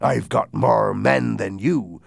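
A man voicing a scheming pirate leader who bargains slowly and threateningly. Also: on the low side, gravelly, no room sound, clean studio sound, exaggerated voice. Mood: menacing.

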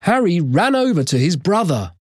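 A narrator reading a chapter of a children's story aloud, with expressive storytelling. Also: medium pitch, moderate pace, slightly rough, no room sound, studio quality. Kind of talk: audiobook reading.

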